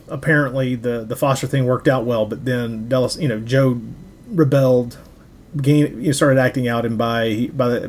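A man's voice: mid-range voice, darkish tone. A man co-hosting a film podcast, talking casually with many fillers and restarts. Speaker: podcast co-host.

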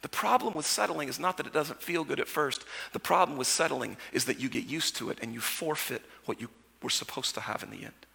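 A male pastor delivers a sermon in a gravelly, slightly husky voice that stays bright and forceful. He keeps it conversational, swinging from loud storytelling to hushed asides. His voice rings through a church sanctuary with a long reverb. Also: medium pitch, fairly quick.

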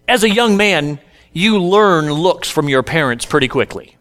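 A man's voice: high-pitched, normal speed, fairly bright tone. A man preaching a sermon who tells scripture stories and acts them out in casual modern speech. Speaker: pastor.

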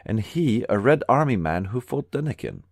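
A man's voice: lowish voice, big pitch swings, moderate pace, vocal fry, a little mellow, no echo, studio quality, voice pushed up, heavily acted. A man voicing a distraught young peasant woman who pleads and wails for mercy, in an audiobook reading. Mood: wailing. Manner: wailing, pleading.

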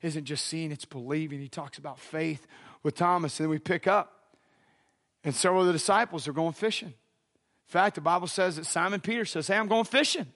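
A man's voice: fairly high pitch, fairly quick, a bit bright. A man preaching a sermon, dramatic and casual, acting out the voices in a Bible story. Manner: casual slangy phrasing.

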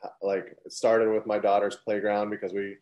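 A man who owns a business, answering interview questions in a relaxed, plain-spoken way. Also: lowish voice, moderate pace. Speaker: business owner guest.

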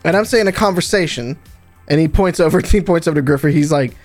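A man running a tabletop game, his voice a little high for a man and chuckling as he narrates. The sound is dry and close, with faint music behind him. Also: quick pace, no room sound. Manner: amused, laughing often. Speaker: game master.

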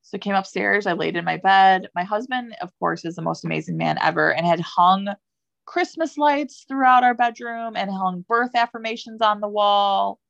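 A woman's voice: mid-range voice, moderate pace, vocal fry, no room sound. A young adult woman, a podcast guest, telling a personal story in a casual, chatty way with many fillers. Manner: chatty, many fillers, lively when quoting herself. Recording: dull lo-fi, dry sound.

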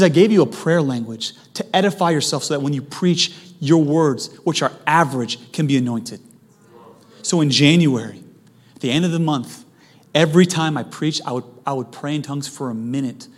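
A young man preaching a sermon to his church, conversational and joking, with sudden loud emphasis. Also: a little high. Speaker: pastor. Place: church hall.

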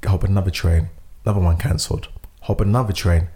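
A young man, telling a story in casual podcast chat, lively, laughing often and swearing freely. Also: low-pitched, quick pace. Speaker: podcast co-host.

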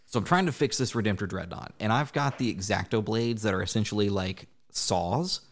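A lower-voiced man in his thirties with a twang, chatting on a hobby podcast. He tells his stories with animation and shouts out the lines he quotes. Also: normal speed. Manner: animated storyteller, acts out quotes loudly. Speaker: podcast co-host. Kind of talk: casual chat.

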